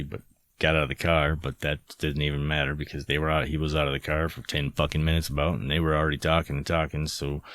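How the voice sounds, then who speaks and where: A man hosting a podcast, delivering an angry, profane, sarcastic monologue. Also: extremely low pitch. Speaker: podcast host.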